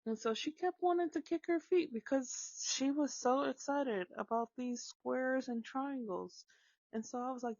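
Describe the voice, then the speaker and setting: A woman telling a casual story about her kids, animated, dropping into hushed whispers now and then. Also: high voice, unhurried, no room sound. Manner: animated, drops to hushed whispers when acting out shushing. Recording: slightly dull lo-fi sound.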